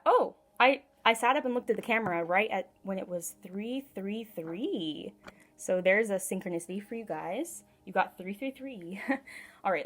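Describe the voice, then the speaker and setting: A woman giving a casual tarot reading at home, chatty and giggly, talking straight to her viewers. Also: medium pitch. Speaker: tarot reader. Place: home room.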